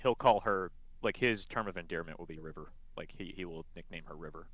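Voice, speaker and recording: A man describing his character's actions in a tabletop game, halting with frequent ums and restarts. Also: low voice, fairly bright tone, dry recording, highs cut off. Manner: hesitant, many ums and restarts. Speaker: player.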